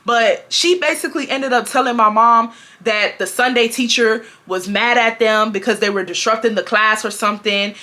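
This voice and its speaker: A woman's voice: moderate pace, hardly any pauses. A woman in her twenties from Houston, telling a storytime to her viewers in casual slang, acting out what others said. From Houston, Texas. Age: 20s. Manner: animated, slangy, acts out quotes with big pitch jumps. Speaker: storytime vlogger.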